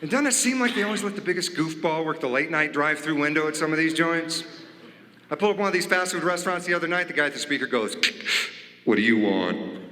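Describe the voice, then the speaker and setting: A man's voice: fairly high pitch, quick pace, bright, forceful tone, a little hiss or hum. A man doing a stand-up comedy routine on a theater stage, acting out characters and mimicking beeps and dings. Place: large performing arts theater stage. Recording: echoey hall, live audience ambience.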